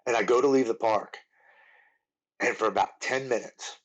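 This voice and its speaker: A man in his forties, a podcast guest, telling his recovery story in an earnest, halting way with many restarts. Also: medium pitch, lo-fi sound. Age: 40s.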